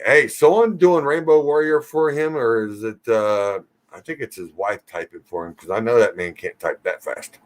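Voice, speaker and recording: A man hosting a casual live Q&A stream, reading viewer comments aloud and teasing regulars in a relaxed, joking way. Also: mid-range voice.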